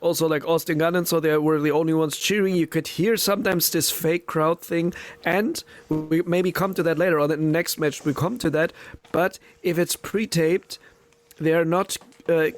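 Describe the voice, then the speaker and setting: A man co-hosting a podcast in casual chat, explaining haltingly and repeating his words. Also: a little high, fairly even intonation. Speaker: podcast co-host.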